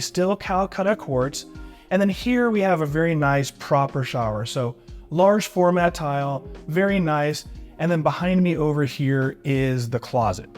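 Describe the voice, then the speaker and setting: An enthusiastic man walks through a large house, showing off each room in a bright, upbeat tour. His voice sits a touch higher than most men's. He keeps calling things neat and beautiful, and faint music plays behind him. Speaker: real estate agent giving a home tour. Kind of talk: walkthrough home tour vlog.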